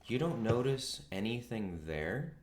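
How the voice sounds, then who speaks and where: A man's voice: mid-range voice, big pitch swings, unhurried, a little mellow, reverberant, a little hiss or hum. A man narrating as game master in a laid-back, casual way, swearing now and then.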